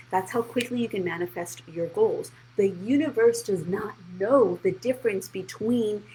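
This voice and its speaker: A woman's voice: medium pitch, mellow, slight background noise, poor audio. A woman hosting a live-streamed motivational money talk, speaking bluntly and encouragingly and answering viewers' comments by name. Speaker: financial coach and show host.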